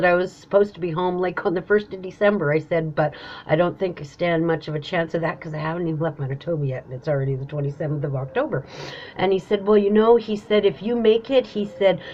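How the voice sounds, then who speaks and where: A woman host telling a personal story in a chatty, animated way, acting out what people said. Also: medium pitch, highs cut off, a little hiss or hum. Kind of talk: casual storytelling monologue.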